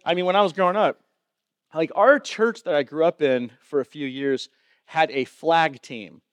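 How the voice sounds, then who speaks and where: A man's voice: a little high, dry recording. A man preaching a sermon as pastor in a loose, conversational way, full of fillers and questions to the room.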